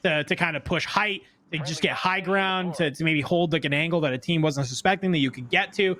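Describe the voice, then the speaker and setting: A woman casting a live esports broadcast, chatty and animated, often laughing as she breaks down the standings. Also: deep voice, a little fast. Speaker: esports caster.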